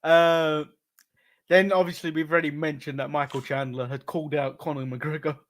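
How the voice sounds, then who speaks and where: High-voiced English man, chatty co-host. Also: level tone, normal speed. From England. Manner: laughs often, recaps events in a loose, chatty way. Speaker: podcast co-host. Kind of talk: casual wrestling recap chat.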